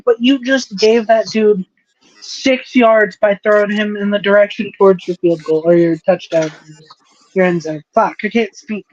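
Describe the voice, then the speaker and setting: A woman's voice: medium pitch, steady tone, normal speed, darkish tone. A woman co-hosting a podcast, chatting casually and swearing freely as she calls out plays from a football game. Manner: profane, running play-by-play remarks. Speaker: podcast co-host. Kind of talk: casual chat while watching football. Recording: dry, dull lo-fi sound.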